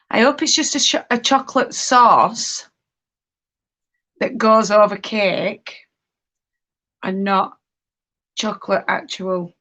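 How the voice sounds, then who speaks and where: A woman's voice: mid-range voice, a bit bright. A woman hosting a casual live stream from home while knitting. She chats and reads viewer comments aloud, reacting to them as she goes. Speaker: livestream host.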